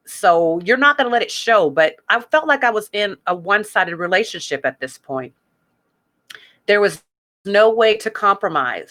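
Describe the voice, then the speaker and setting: A woman's voice: fairly low pitch, pushed and bright. A woman hosting a ministry podcast, speaking candidly and emotionally about her faith in a conversational way. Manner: emotional, conversational, reads song lyrics aloud, fillers like "like". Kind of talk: candid personal faith talk.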